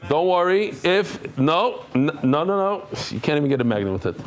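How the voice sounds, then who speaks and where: A middle-aged man with a somewhat high voice runs a Talmud class in a study hall. He chats casually with the room, jokes with people, and rattles off lists of names at speed. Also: big pitch swings. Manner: chatty, joking, reads names quickly. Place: study hall with a live audience.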